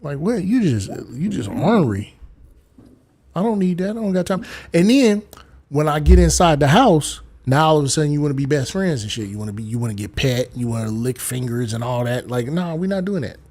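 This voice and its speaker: A man's voice: fairly high pitch, lively intonation, fairly quick, a little mellow. A man, hosting a live stream and telling rambling comic stories, slipping into voices. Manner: rambling storyteller, slips in voices. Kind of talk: casual comedic chat on a live stream.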